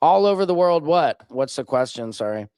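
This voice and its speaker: A man's voice: a little high, lively intonation, normal speed, clean tone, no echo. A man hosting a live stream, reading viewer comments and answering them bluntly and sarcastically. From Missouri. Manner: blunt, sarcastic, reacts loudly to clips.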